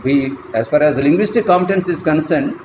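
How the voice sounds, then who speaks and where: A man giving a slow, deliberate classroom lecture as a college lecturer, spelling words out letter by letter. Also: fairly high pitch, darkish tone. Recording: echoey room, faint traffic noise.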